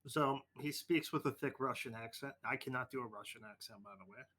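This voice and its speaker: A man's voice: medium pitch, a little fast, bright, forceful tone. A man running a tabletop game over a voice call, narrating casually and swearing freely. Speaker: game master.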